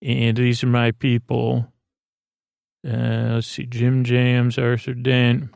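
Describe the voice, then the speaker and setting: Flat, creaky man rambling a recap. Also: medium pitch, dry recording, studio quality. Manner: meandering, halting, full of fillers and restarts. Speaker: podcast host. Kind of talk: rambling episode recap for sleep.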